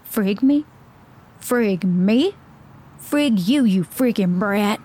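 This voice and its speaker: A woman voicing an unhinged, balding middle-aged man with an explosive temper who screeches in a high, childish voice when he shouts. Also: animated, drawn-out words. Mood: seething.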